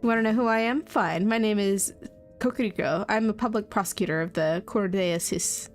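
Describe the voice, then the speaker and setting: A woman voicing an arrogant male rooster prosecutor in a game, haughty and condescending, with soft music behind. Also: medium pitch, a little fast, lightly acted.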